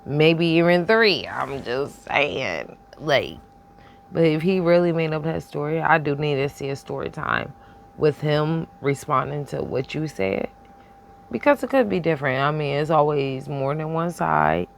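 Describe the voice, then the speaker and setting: A woman's voice: sits low, expressive, a little slow, creaky, slight background noise. A woman hosting a reaction video, reacting in a blunt, colloquial, teasing way. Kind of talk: casual commentary.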